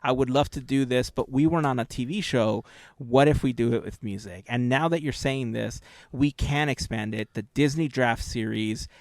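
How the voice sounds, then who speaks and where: A man co-hosting a podcast, talking casually and enthusiastically as he pitches ideas. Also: moderate pace, no room sound. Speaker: podcast co-host. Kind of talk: casual chat.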